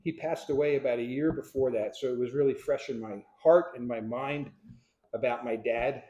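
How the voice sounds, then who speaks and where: A man in his sixties from Pennsylvania telling his life story to a live audience, acting out what people said as a lively storyteller. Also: medium pitch, normal speed, highs cut off, a little hiss or hum. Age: 60s. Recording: echoey room.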